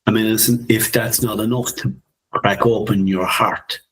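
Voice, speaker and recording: A man in his fifties, co-hosting a podcast in a reflective, musing conversational way, soft-spoken and often laughing. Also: on the low side, steady tone, moderate pace, breathy edge. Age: 50s. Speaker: podcast co-host.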